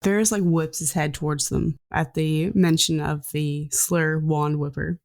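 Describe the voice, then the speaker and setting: A woman's voice: low voice, fairly even intonation, unhurried, creaky, darkish tone. A woman narrating as game master of a tabletop game in a casual, filler-laden way.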